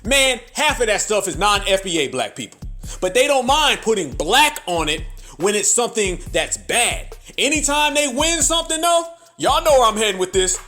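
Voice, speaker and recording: High-voiced man ranting emphatically. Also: big pitch swings, moderate pace, pushed and bright, soft background music. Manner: emphatic, sing-song, repetitive and mocking. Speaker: commentary channel host. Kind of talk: ranting social commentary.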